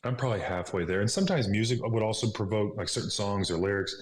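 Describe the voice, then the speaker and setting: Speaking quickly in a lowish voice, this podcast guest in his thirties earnestly recounts something that happened to him and whispers when voicing thoughts he remembers. The room is echoey, with faint background noise.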